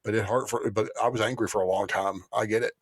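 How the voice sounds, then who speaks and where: A man's voice: fairly low pitch, steady tone, fast, husky, dry recording. Rambling male podcast co-host, dry sound. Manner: rambling, restarts, tells jokes. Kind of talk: casual chat.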